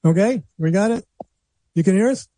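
A man's voice: sits high, moderate pace, dark tone, dry recording. An older man hosting a radio show, chatting casually and self-deprecatingly, laughing often.

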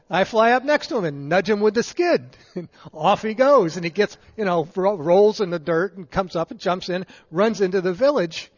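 An older man and veteran, telling war stories to an audience and chuckling as he goes, then introducing the next speaker at a handheld microphone. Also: high-pitched. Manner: chuckles through his stories, animated. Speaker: veteran and event emcee. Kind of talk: anecdotal storytelling to an audience. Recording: muffled sound in a reverberant hall.

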